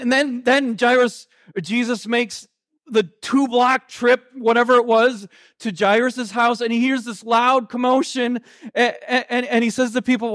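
A pastor with a high, light male voice preaches a sermon. He tells the story earnestly, stumbling and restarting often, and slows down and softens when he quotes.

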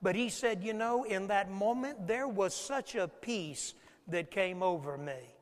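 A man's voice: high voice, animated, measured pace. A man preaching a sermon, telling stories and asking his listeners questions as he goes. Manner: storytelling preacher, acts out scenes and asks the congregation questions. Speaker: pastor. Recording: long hall reverb.

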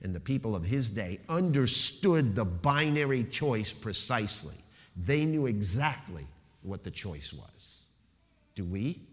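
A man's voice: on the low side, very animated. Emphatic preaching man in a reverberant hall. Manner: emphatic preaching with slowed, stressed phrases and falling rhetorical questions. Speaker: pastor. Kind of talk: sermon.

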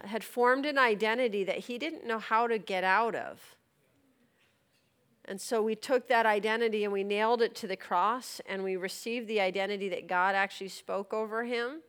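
A woman preaches in an earnest, conversational manner, now and then laughing lightly between points. Her voice is smooth and clear, at an ordinary pitch for a woman. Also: fairly bright tone. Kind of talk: teaching on deliverance and prayer.

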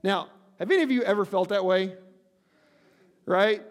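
A man's voice: high voice, moderate pace. A male pastor preaching a sermon in a conversational way, often asking "right?" and reading scripture aloud with wry asides. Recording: long hall reverb.

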